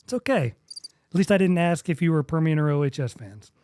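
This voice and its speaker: A man's voice: on the high side, expressive, warm tone, no echo, studio quality. A young man from with a drawl, hosting a casual podcast chat and joking around as he rambles. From West Texas. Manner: joking, rambling, quick to laugh. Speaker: podcast host.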